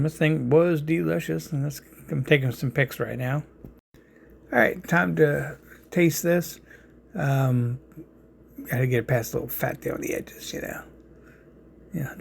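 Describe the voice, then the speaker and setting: Gravelly New York man chatting about cooking. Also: fairly high pitch, slight background noise. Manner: rambling, lots of fillers and restarts. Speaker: cooking channel host. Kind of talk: casual cooking vlog.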